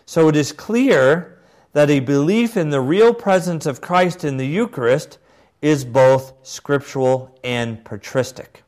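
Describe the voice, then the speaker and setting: A man reading aloud as an older Victorian bishop in a put-on English accent, in a slow, raised, declaiming voice. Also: on the high side, expressive, a little mellow, voice pushed up. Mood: solemn declaiming.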